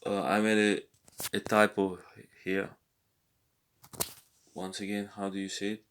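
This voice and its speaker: A man talking through a language exercise, thinking aloud in a hesitant way and slowly sounding out foreign words. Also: fairly low pitch, little pitch movement, fairly bright tone, slight background noise. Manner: hesitant, thinking aloud with many pauses and repeats. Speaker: language lesson vlogger working through exercises. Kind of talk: casual think-aloud tutorial.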